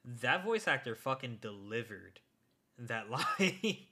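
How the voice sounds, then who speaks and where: Excitable young man recapping an episode. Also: medium pitch, slow, slightly rough. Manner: excitable, swears, rises sharply when worked up. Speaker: podcast co-host. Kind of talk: casual chat recapping an anime episode.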